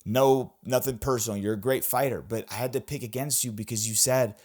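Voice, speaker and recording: A young man from the American Midwest recapping fights in a casual, excitable way, swearing often and restarting his sentences as he rambles. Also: medium pitch, fairly quick. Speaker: MMA recap host.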